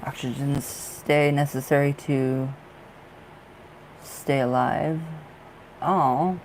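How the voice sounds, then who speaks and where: A man's voice: mid-range voice, steady tone, very slow, rough recording. Young guy doing live tarot readings, chatty, says sorry a lot, bit of faint hiss in the back. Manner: chatty, easily distracted, frequent apologies and laughs. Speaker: livestream tarot reader. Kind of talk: casual live-stream chat. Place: dark room at home.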